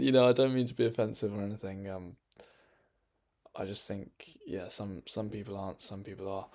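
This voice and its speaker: A man chatting casually on a livestream, rambling and hesitant with many fillers, sometimes dropping into hushed, half-whispered asides. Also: fairly low pitch, fairly even intonation, moderate pace, gravelly. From England. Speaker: streamer.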